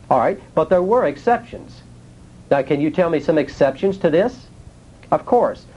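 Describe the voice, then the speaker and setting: A man's voice: a little high, lo-fi sound. A man teaching a sermon in a plain, folksy way, asking his listeners rhetorical questions. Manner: nonstandard grammar, folksy speech. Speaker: preacher.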